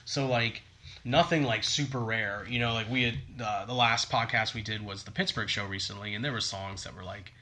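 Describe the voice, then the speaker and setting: A man's voice: on the low side, fairly even intonation, normal speed, sharp tone. A man co-hosting a podcast in casual chat, rambling with lots of fillers like "like" and "um". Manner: rambling, filler-heavy with many likes and ums. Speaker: podcast co-host.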